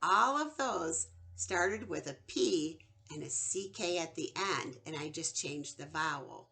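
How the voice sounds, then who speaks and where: A woman teaching a children's phonics lesson, sounding out vowels slowly and with exaggeration. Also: sits low, animated, vocal fry, sharp tone.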